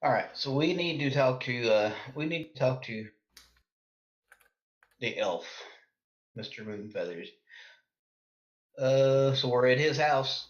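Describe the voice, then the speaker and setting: A man's voice: mid-range voice, animated, slow pace, pauses often, highs cut off. A man playing a cleric in a tabletop game, talking hesitantly and thinking aloud. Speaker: player, cleric character.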